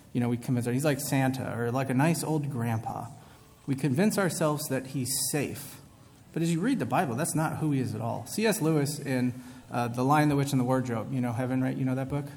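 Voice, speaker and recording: A man preaching to a congregation in a casual, chatty way, often pausing to ask "right?" and restarting his thoughts. His voice sits at an ordinary middle pitch. It rings out with the long reverb of a big hall. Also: darkish tone. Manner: casual, asks "right?" often, self-interrupting. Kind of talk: conversational sermon.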